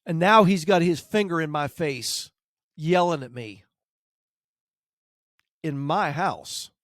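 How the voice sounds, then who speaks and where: A man's voice: on the high side, slow pace, dry recording, clean studio sound. A man who trains dogs, hosting a podcast and telling a casual story, acting out what people said. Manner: animated anecdote, acts out quotes. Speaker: dog trainer, podcast host.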